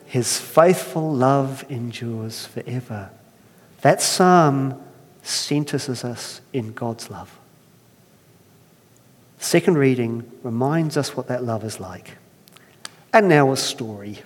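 A male pastor at a mid-pitched, ordinary level gives a sermon and reads a story aloud. He is conversational and self-deprecating and slows down for the storytelling. The voice carries a long reverb from a church hall. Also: lively intonation.

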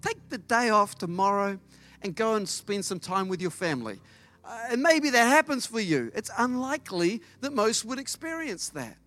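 A middle-aged man preaching a sermon as pastor, lively and storytelling, acting out dialogue. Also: very high-pitched. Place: church service.

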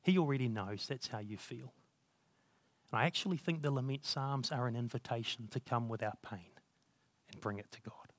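A man's voice: medium pitch, normal speed, no echo. A man preaching a sermon in an earnest, conversational way, reading scripture aloud and reflecting on it.

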